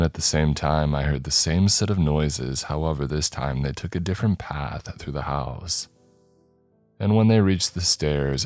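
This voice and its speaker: A man narrating a horror story in a slow, measured storytelling voice. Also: very deep voice, a little mellow, no echo. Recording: dry close mic, faint background music.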